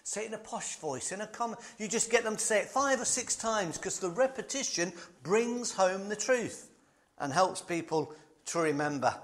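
A man's voice: sits high, expressive, moderate pace. A man preaching a sermon, emphatic and conversational, fond of repetition and light asides.

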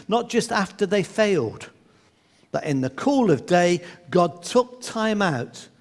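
A man with a high voice preaches a sermon with earnest conviction. His voice rings through a large hall with a long reverb. He sometimes slips into the voices of the people in his stories.

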